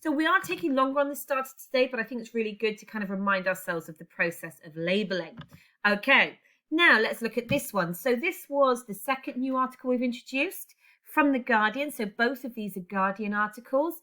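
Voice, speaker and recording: A woman's voice: fairly high pitch, fairly quick, sharp tone. A woman teaching a language lesson online, explaining step by step and putting questions to her class. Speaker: English teacher.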